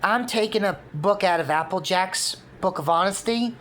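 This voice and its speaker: A woman's voice: mid-range voice, moderate pace, fairly bright tone, a little hiss or hum, close to an everyday voice. A woman voicing a male chaos spirit who speaks firmly and earnestly.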